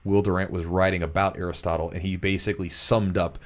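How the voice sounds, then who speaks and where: A man's voice: low-pitched, flat delivery, quick pace. A man from Kentucky hosting a podcast, talking in an earnest, motivational way and often repeating himself. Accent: neutral American, former Kentucky twang trained away. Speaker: podcast host, jiu-jitsu coach. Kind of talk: casual podcast chat.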